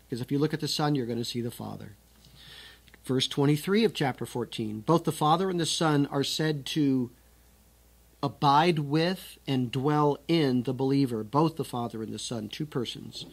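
A man's voice: medium pitch, moderate pace, vocal fry, husky. A man teaching scripture, reading the verses aloud with strong emphasis and then explaining them in a conversational way. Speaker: Bible teacher.

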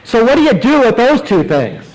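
A man preaching a sermon, explaining scripture verse by verse and rising now and then to emphatic, excited bursts. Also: very high-pitched, moderate pace, rough recording. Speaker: pastor.

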